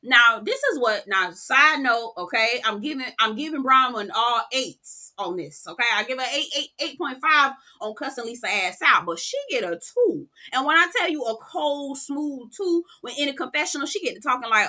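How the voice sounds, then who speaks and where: A woman's voice: sits high, animated, moderate pace, few pauses, pushed and bright. A young woman giving a casual, profane, slangy recap of a reality show episode. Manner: sassy, profane, slangy storytelling. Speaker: TV recap reviewer.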